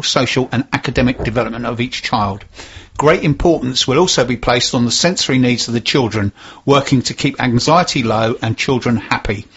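A man's voice: mid-range voice, a bit bright, breathy edge, highs cut off. A man presenting on local radio, steadily reading community announcements and carefully spelling out details.

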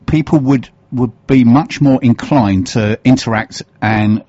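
A man's voice: medium pitch, unhurried, mellow, no room sound. A man from the UK, hosting an interview and asking questions thoughtfully, with frequent hesitations and fillers. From United Kingdom. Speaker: interview host. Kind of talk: conversational interview. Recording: dull, dry lo-fi recording.

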